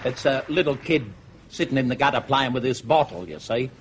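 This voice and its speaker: A man's voice: mid-range voice, lively intonation, brisk, a loud crowd. An older Australian comedian telling jokes in a rambling, chuckling way, full of "he said, uh". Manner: rambling, chuckling storyteller with many "he said, uh". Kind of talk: stand-up joke telling. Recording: TV studio with faint noise.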